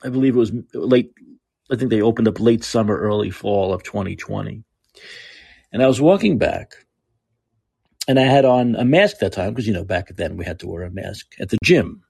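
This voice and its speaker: A man's voice: lowish voice, animated, moderate pace, gravelly, darkish tone, breathy edge, no echo, studio quality. A man rants sarcastically and profanely in a digressive podcast monologue. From New York. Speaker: podcast host. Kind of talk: ranting monologue.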